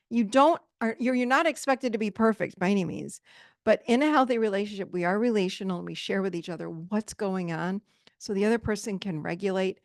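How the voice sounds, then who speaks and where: A woman talks straight to her listeners as a relationship coach on her podcast, emphatic and direct. Her voice has a gravelly fry at mid pitch. The sound is close and dry. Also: no echo. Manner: emphatic, direct, conversational, addresses listeners as "you guys". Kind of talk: solo podcast advice talk.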